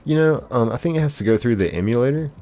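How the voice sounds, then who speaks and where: A man's voice: mid-range voice, animated, quick pace. A young man hosting a live game stream, chatting casually and reading out viewer comments. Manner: laid-back, chatty, greets viewers warmly by name. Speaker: livestream host.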